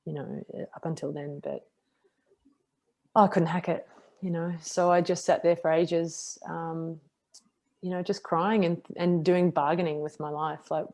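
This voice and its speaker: A podcast guest who practises martial arts, a middle-aged woman with a notably deep voice, describes a tough stretch of her life at a measured pace. Her storytelling is candid, frank, and self-deprecating, brought to life by the lines she acts out for herself and others.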